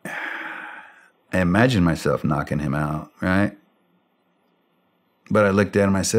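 A middle-aged man, a former special operations soldier, telling a war story in a podcast interview, animated and blunt, acting out the dialogue. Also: deep voice, slow, pauses often.

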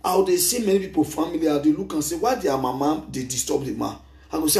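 A middle-aged Nigerian man with a Nigerian accent, giving an emphatic, animated spoken testimony into a handheld microphone, mixing English and Pidgin. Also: fairly high pitch, fast, vocal fry, echoey room. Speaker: speaker giving a testimony at a gathering.

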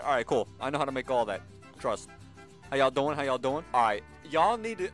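A man talks through a cooking game in casual commentary, his pitch swinging up and down in a lively way. He jokes and banters with the on-screen customers. Soft music plays underneath. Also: a little fast. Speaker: gaming channel host.

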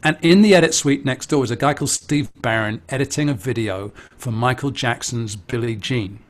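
An English man spins a long personal story at a relaxed conversational pace, animated and chatty. His voice sits at an ordinary middle pitch, and he tosses in amused little asides as he goes. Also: moderate pace. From England. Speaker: interviewee, musician. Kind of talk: casual anecdotal storytelling.

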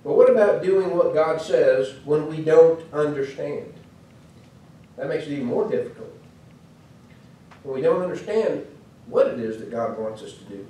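A man's voice: fairly high pitch, mellow, slight background noise. A man with a Midwestern American accent giving a sermon lesson in a chatty storytelling way, full of asides. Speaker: preacher. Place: church hall. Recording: echoey church hall, mic far off.

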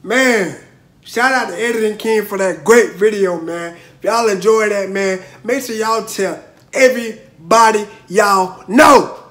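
A man hosting a reaction video, exclaiming and shouting along with a boxing fight in a slangy, casual way. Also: high voice, a little slow, poor audio. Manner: excitable, exclaiming and shouting at the action; slangy, peppers lines with "bro". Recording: arena crowd noise from the played fight behind.

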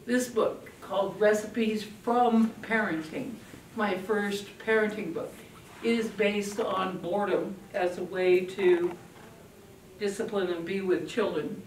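An older woman giving a parenting talk to an audience, telling stories in an animated way and acting out children's voices. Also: mid-range voice, slow, echoey room, recorded from a distance, slight background noise. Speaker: parenting speaker.

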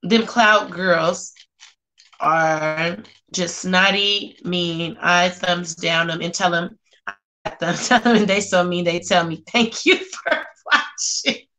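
A woman's voice: lowish voice, fairly even intonation, takes it slowly, bright, forceful tone. A woman chatting casually on a live stream, reading comments aloud and reacting with sass. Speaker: vlogger reading live chat.

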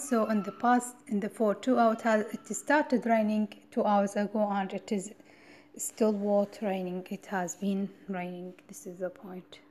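A woman's voice: on the high side, a little mellow. A woman from Iraq giving a university grammar lecture, explaining step by step, repeating key points and asking rhetorical "what?" questions. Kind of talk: recorded classroom lecture.

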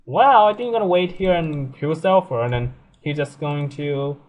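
A young man giving casual, excitable commentary on a life-sim game, laughing often and swearing freely. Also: fairly high pitch, moderate pace, phone-quality sound. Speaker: let's play gamer.

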